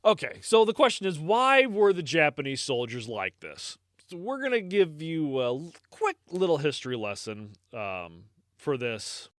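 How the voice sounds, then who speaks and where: A man's voice: on the high side, big pitch swings, moderate pace, no room sound, clean studio sound. An American man hosting a history podcast, talking casually with many fillers and swearing. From United States. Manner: rambling, many fillers, swears casually, laughs at own jokes. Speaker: podcast host.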